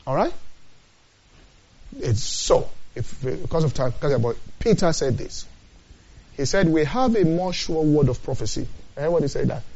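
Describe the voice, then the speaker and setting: A man preaching a sermon, quoting scripture slowly and often checking whether his listeners understand. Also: a little high, lively intonation, gravelly, darkish tone, dull audio. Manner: emphatic, repeats phrases, asks the listeners questions; quotes scripture in a slow, deliberate cadence.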